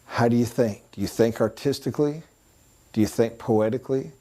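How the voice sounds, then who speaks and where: Man, mellow warm voice, sales trainer, casual lecture, playful voice imitations. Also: medium pitch, brisk. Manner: conversational, mimics accents and voices for illustration.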